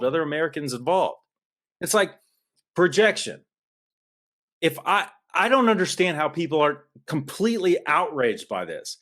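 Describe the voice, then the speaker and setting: A man's voice: on the high side, fairly bright tone. Worked-up man ranting on a podcast. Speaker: podcast co-host. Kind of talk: political podcast rant. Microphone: podcast studio mic.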